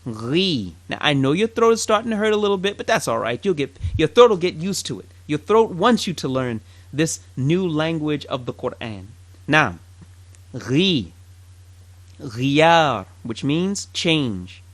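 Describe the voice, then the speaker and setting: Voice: medium pitch, very animated, moderate pace. A teacher giving a recorded Arabic pronunciation lesson, drilling each syllable, repeating it and asking listeners to say it along, with light joking asides.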